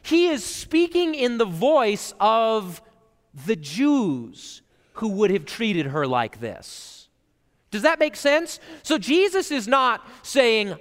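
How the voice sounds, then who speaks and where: Lively high-voiced male pastor, echoing hall. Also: slow pace. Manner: animated and chatty, with frequent "like" and "right?" asides. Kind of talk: conversational sermon. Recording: reverberant church hall.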